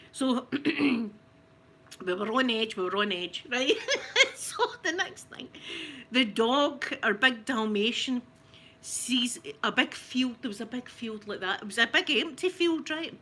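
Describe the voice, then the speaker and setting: A woman with a Scottish accent telling a family story in casual talk, animated and often laughing. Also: on the high side, unhurried. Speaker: ASMR channel host telling a family story.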